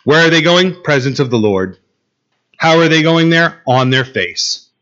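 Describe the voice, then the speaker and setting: A man's voice: fairly high pitch, expressive, a little slow, a bit bright, highs cut off. A man preaching a sermon to a Bible class, emphatic, asking his listeners questions and repeating key phrases. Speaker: pastor teaching a Bible class.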